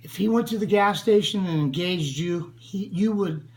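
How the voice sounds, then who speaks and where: An older man from the United States, speaking in an earnest, grieving tribute to a friend who was killed, with long pauses. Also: sits high, darkish tone, poor audio. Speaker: friend speaking about a slain friend. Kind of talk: spoken tribute.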